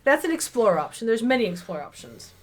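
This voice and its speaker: A woman's voice: fairly high pitch, sing-song, brisk. A woman co-hosting a game stream, chatting playfully while choosing options. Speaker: co-host playing a game aloud. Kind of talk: casual playthrough chat.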